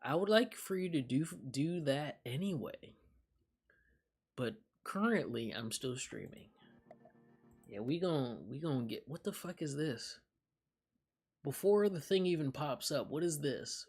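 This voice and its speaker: A young male streamer drawls through a casual chat with his audience, unhurried and loose. His voice has a husky, slightly rough edge, and he swears freely and laughs as he reacts. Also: a little high, lively intonation, a little mellow. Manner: loose, profane, reacting aloud with frequent laughs. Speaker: live streamer.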